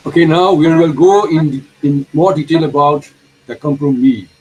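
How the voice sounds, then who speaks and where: A man lecturing a university law class, explaining terms slowly, repeating them and putting questions to the students. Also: a little high, darkish tone, breathy edge, rough recording.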